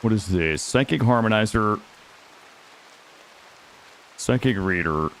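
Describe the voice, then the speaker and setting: Excitable, slangy male streamer. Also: on the low side, takes it slowly, slight background noise. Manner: excitable, slangy, swears freely. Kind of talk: live game stream commentary.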